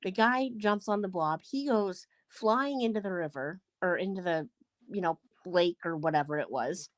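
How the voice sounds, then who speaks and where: A woman's voice: on the low side, normal speed, no echo. Hesitant woman telling a rambling story. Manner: rambling, hesitant, many fillers. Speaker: panel guest. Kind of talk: casual chat.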